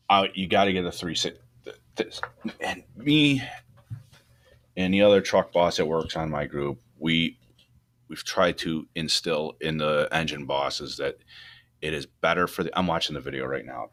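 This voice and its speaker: A very low-voiced firefighter co-host, boss of a fire truck company, delivers animated critique in loose, rambling firefighting shop talk. He is a little slow and pauses often, restarts a lot, and rises in pitch when animated.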